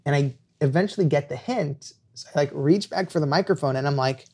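A young man, a podcast guest and author, telling an animated anecdote and acting out quoted lines. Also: a little high, a little fast, breathy edge. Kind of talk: storytelling anecdote.

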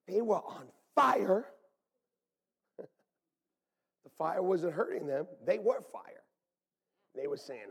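A man preaching a sermon as pastor, animated and swinging from loud calls to hushed near-whispers. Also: sits high, takes it slowly, creaky, pauses often, breathy edge, big-room sound.

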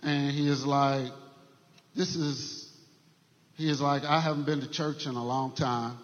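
A man sharing a church testimony story in an earnest, halting way, with many fillers and restarts. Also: mid-range voice, steady tone. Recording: dull sound with long hall reverb.

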